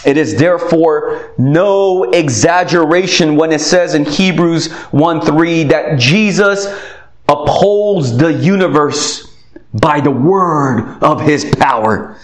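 Earnest preacher man, echoey room. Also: fairly high pitch. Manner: earnest, slow emphatic phrasing with many pauses. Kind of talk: sermon. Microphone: recorded for video.

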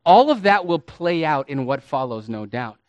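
A male pastor delivers a sermon, teaching with deliberate emphasis, stretching out key words and addressing his listeners as beloved and friends. His voice is fairly high and sing-song, recorded with no echo.

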